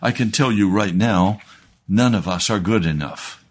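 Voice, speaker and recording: Man, pastor, radio sermon, earnest, emphatic, slow, low voice. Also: slightly rough.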